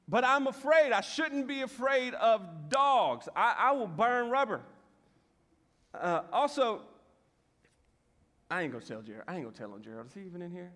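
A man preaching a humorous sermon to a church audience, telling funny stories in a joking, animated way. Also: sits high. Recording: hall reverb.

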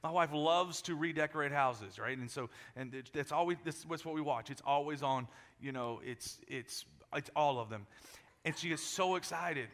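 A high, bright male voice rings out through a large church, with a long hall echo behind it. He is a pastor preaching a lively sermon, joking with his congregation and often repeating words as he gets going. His delivery is animated and playful. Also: moderate pace. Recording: echoey hall.

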